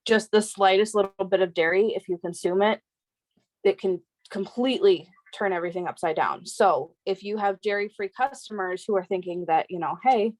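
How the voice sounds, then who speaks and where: A woman explains product details to her team in a mid-pitched, conversational voice full of small fillers. The sound is close and dry. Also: no echo, poor audio. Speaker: co-host. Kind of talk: casual team chat.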